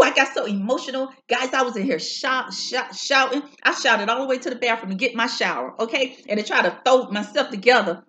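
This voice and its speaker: Fervent high-voiced woman preaching with lively swoops. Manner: fervent, repeats lines for emphasis, soulful drawn-out "ooh" and "mm". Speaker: prophetic preacher. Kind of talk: impassioned prophetic preaching. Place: at home.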